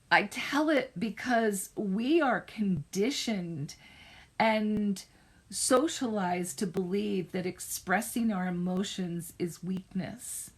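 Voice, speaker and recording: A middle-aged woman therapist speaking casually on a live stream, telling a personal story and giving advice, unhurried and self-correcting, emphatic on key points. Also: mid-range voice, slightly rough.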